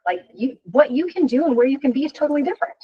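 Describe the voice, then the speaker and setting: The audio is dull, but the woman's voice comes through high and quick-paced as she runs a workshop. She's in her fifties, frank and animated, and keeps dropping a chatty, rhetorical "right?" into her coaching.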